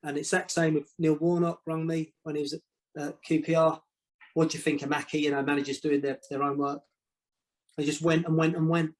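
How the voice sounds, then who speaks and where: A man tells stories as a podcast guest in a fairly high voice. His delivery is casual and animated. He stumbles and repeats words, and he slips into the voices of other people as he goes. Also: brisk, poor audio. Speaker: guest, former football manager. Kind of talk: casual storytelling.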